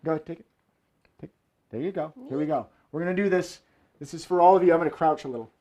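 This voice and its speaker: A man's voice: on the high side, quick pace, warm tone, lo-fi sound. Playful joking showman at home. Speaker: fire performer and host. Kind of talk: live-streamed show banter. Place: home room indoors.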